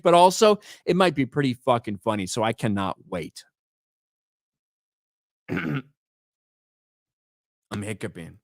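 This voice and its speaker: This livestream host is a man with a fairly high voice on a dry recording. His casual commentary is blunt and profane, with words repeated at the start of sentences and chat names read aloud.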